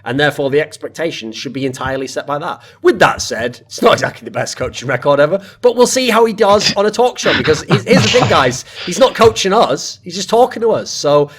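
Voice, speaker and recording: A man's voice: on the high side, lively intonation, a little fast, few pauses, a bit bright, husky. A man hosting an esports talk show, chatting casually with emphatic, rambling asides. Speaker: podcast host. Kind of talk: casual esports panel discussion.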